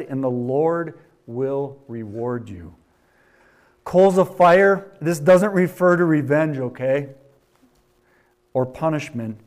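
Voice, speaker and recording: A man with a Wisconsin accent preaches in a middle-pitched voice. He reads scripture with loud, emphatic lift and then falls to quiet, conversational asides. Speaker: pastor. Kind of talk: sermon.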